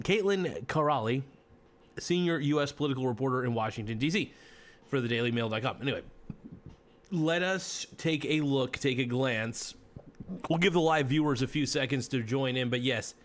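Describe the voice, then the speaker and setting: Rambling, chatty male podcast host. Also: mid-range voice. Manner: rambling, self-correcting, chatty. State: hiccuping. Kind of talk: casual political commentary livestream.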